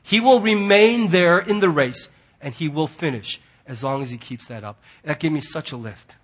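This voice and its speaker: A male pastor preaching a sermon earnestly, swinging from loud emphatic lines to hushed, quiet ones. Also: fairly high pitch, moderate pace, slightly rough.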